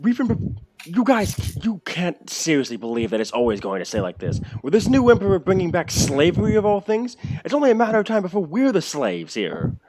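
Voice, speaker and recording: A man voicing a fiery male orc rebel leader in a tabletop game, higher and louder than his own voice in a rousing speech. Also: wildly swooping pitch, brisk. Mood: impassioned. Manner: raised, impassioned rallying speech. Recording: noisy home mic.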